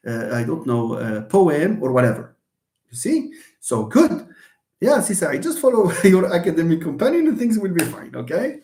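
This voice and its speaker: A man with a Moroccan accent, a native Moroccan Arabic speaker, teaching an animated live English lesson and acting out his examples. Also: high voice. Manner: animated, mixes English and Arabic, acts out stress examples with a laugh. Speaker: English lecturer. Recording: roomy echo.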